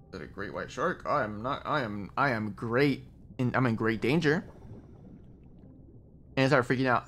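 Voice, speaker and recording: A man's voice: mid-range voice, moderate pace, long pauses, fairly bright tone, a little hiss or hum. A man streaming a game and chatting casually, telling stories animatedly, laughing often and calling people bro. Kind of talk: casual gaming stream chat.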